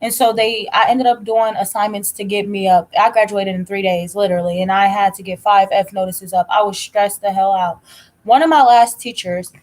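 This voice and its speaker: A young woman chats casually, telling a story from her own life. She talks bluntly and with lots of life, swearing freely along the way. Her voice sits at a middle pitch. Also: fairly even intonation, normal speed, a little mellow, rough recording. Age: young adult. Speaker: tarot reader telling a story.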